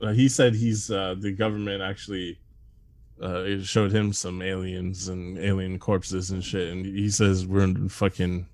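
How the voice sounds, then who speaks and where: A man's voice: low-pitched, level tone, unhurried, darkish tone. A man chatting casually as a podcast co-host, rambling and swearing a lot as he jokes. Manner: rambling, profane, jokey. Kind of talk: casual chat.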